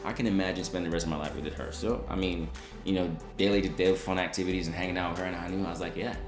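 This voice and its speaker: Deep-voiced playful young man. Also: steady tone, rapid-fire, reverberant, music in the background. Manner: playful, laughs often. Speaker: vlog co-host. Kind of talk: casual chat.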